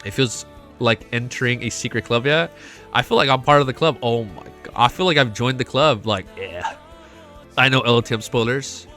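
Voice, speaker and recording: A young man streaming a casual reaction, excitable and swearing often, laughing between remarks. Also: medium pitch, normal speed, soft background music. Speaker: streamer reacting to a web novel. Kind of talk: casual live reaction chat.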